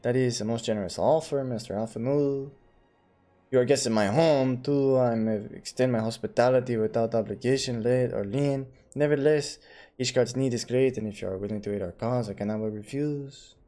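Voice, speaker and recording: A man voicing a stately older count, reading game dialogue in a formal, measured way. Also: medium pitch, dark tone, natural voice. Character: stately older male count, grave host.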